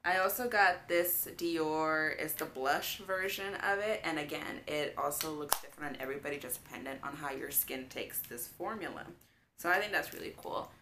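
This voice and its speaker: Low-voiced young woman gushing about makeup. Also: normal speed, pushed and bright, a little hiss or hum. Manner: chatty and gushing, with many fillers like "um" and "like". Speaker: beauty vlogger. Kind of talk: casual makeup tutorial chat.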